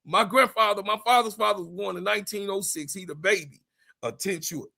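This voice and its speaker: A man in his fifties with a gravelly edge and a bright, forceful tone hosts a livestream. He rants hard and swears a lot, repeating his lines and pushing up into shouts. His voice sits a little high for a man. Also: a little fast. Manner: profane, repetitive, raises voice into shouts. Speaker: sports channel host. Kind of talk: heated livestream rant.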